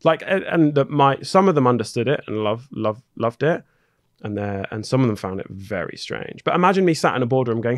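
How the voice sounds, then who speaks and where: A man telling a story in a podcast chat, animated and quick to act out other people's lines. His voice sits at an everyday middle pitch, and the close mic sounds dry with no room around it. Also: no echo. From Dorking, England. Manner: animated, acts out the other person's lines in the retelling. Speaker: podcast guest.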